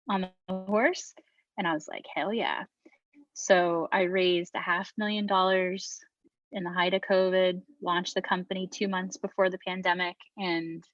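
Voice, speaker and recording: A lowish, fairly bright female voice belongs to a middle-aged beverage founder telling her story as a podcast interview guest. She speaks plainly, swears casually, and restarts sentences a lot. The sound is lo-fi with no room sound.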